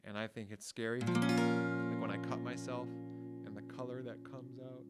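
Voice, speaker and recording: A man leads a children's lesson on feelings, speaking gently and hamming up each emotion with sighs, whoas and groans. Guitar chords ring clearly under his words. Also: mid-range voice, flat delivery, moderate pace. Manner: chatty asides, thinks aloud. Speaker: music teacher. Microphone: home recording mic.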